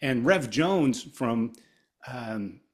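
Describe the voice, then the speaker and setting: A middle-aged Ohio guitarist, interviewed as a guest, speaks extremely slowly in a mid-range male voice. His casual chat turns into long, rambling, animated stories in which he acts out the people he quotes.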